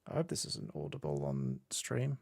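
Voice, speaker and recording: A man's voice: extremely low pitch, big pitch swings, normal speed, creaky, darkish tone, no room sound. A man chatting casually with viewers at the start of a live stream, greeting them by name and rambling a little. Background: faint game music.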